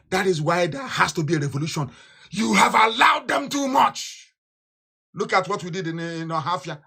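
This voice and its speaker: Fiery man with a bright voice. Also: on the high side, slightly rough. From Nigeria. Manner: fiery, repetitive, scornful, with shouted outbursts. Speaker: activist leader. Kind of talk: impassioned political broadcast.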